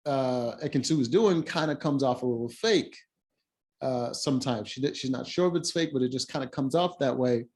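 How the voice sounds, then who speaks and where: A man's voice: mid-range voice, darkish tone. A man recapping a reality-show episode in casual chat, rambling with lots of fillers and restarts and blunt asides. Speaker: show reviewer.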